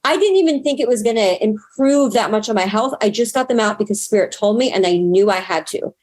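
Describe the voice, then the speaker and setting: Woman in her thirties, interview guest, earnest, expressive, personal story, mid-range voice. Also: fairly quick. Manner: earnest and expressive, jumps much higher when excited.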